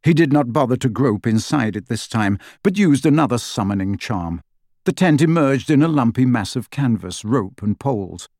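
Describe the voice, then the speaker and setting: Reading an audiobook, a man of medium pitch narrates a script evenly and with measured storytelling. It's a dry, clean studio recording.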